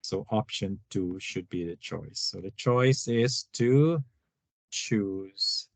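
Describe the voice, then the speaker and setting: This finance tutorial comes from a man narrating a screen recording, breaking things into steps and checking in with "all right" and "right?". His voice is lowish and slow, without room sound, captured in dull, dry lo-fi audio.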